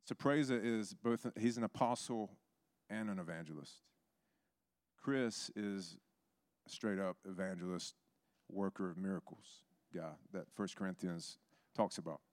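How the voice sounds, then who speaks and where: A man who pastors a church, telling stories in a sermon, lively and acting out the people in them. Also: measured pace. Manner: animated, acts out others with big pitch jumps. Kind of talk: sermon storytelling.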